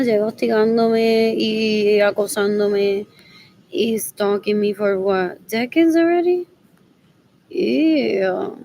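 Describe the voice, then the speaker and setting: Woman vlogger, gravelly mid-range voice, rambling and agitated monologue. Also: medium pitch, slow, dark tone, slight background noise, low-quality recording.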